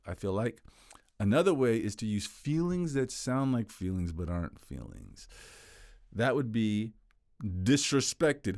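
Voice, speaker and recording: Teaching communication skills casually, this animated man performs sample quotes in playful voices. He has a mid-range voice, captured in clean studio sound with no room echo.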